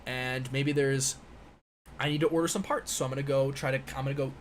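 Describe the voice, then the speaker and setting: A man's voice: mid-range voice, fairly even intonation, fairly quick, a little hiss or hum. A man in his twenties from the United States, hosting a casual live-stream Q&A and reading chat questions aloud. He rambles, with many fillers and restarts. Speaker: live-stream host, physics PhD student. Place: indoor room with a window.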